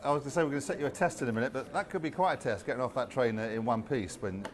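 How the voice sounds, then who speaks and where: A man hosting a TV football chat show, introducing guests and bantering briskly. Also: mid-range voice. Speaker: TV sports show host.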